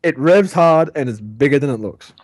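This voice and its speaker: Lively, teasing Australian man. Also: on the high side, moderate pace, no room sound, clean studio sound. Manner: teasing, crude jokes, stumbles into lines. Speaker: podcast co-host. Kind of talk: casual podcast banter.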